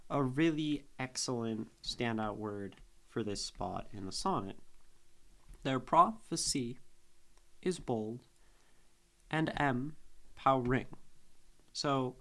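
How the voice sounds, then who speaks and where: Guy on a stream picking apart a poem, talks real slow, mid pitch, keeps sounding words out. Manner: slow, thinking aloud, sounding out syllables. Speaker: streamer analyzing poetry. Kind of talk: casual live-stream teaching.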